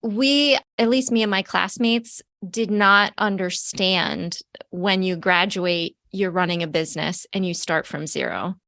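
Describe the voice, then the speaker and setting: A woman's voice: mid-range voice, a little slow, creaky, hardly any pauses, a bit bright, dry recording, clean studio sound. A woman hosting a podcast interview, explaining her ideas in a thoughtful way. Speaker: podcast host, marketing teacher.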